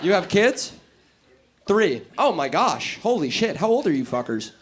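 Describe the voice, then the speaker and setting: A noisy live club recording catches a man from New York City doing stand-up crowd work. His high voice is very animated yet unhurried as he teases the audience with brash, profane banter.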